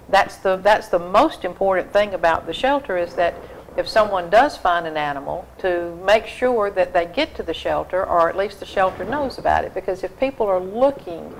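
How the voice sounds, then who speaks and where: A woman speaks as a guest on a local TV show, explaining things earnestly and steadily. She uses lots of fillers as she goes. Her voice is somewhat low, with faint hiss behind it. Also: rough recording. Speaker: humane society volunteer guest. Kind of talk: casual interview.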